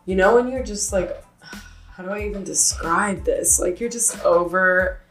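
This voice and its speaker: A woman's voice: mid-range voice, a little slow, faint music behind. A woman hosting a podcast in casual chat, talking frankly and loosely with lots of "like". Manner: relaxed, frank, peppered with "like". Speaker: podcast host. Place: indoors at a home.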